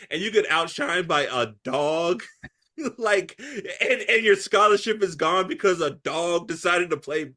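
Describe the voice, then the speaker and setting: A man co-hosting a podcast in casual chat, animated and laughing, acting out ranting voices. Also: sits high, normal speed. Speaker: podcast co-host.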